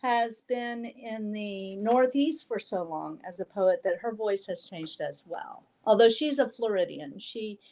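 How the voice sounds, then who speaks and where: A woman poet from the American South being interviewed, talking thoughtfully with pauses and ums, with a faint Southern trace in her accent. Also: medium pitch, darkish tone. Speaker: poet and author guest. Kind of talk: casual interview conversation.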